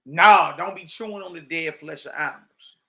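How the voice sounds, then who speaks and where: A man's voice: on the high side, normal speed, creaky, bright, forceful tone. A man giving a livestreamed religious teaching, preaching emphatically in a streetwise way and reading old texts aloud. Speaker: Bible teacher.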